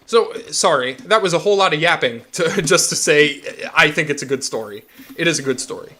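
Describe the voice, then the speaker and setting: A young man chats loosely over a game stream. His voice sits fairly high and sounds bright and forward. He rambles, restarts and swears freely as he rants. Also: animated, brisk. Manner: rambling, profane ranting. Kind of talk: casual game chat.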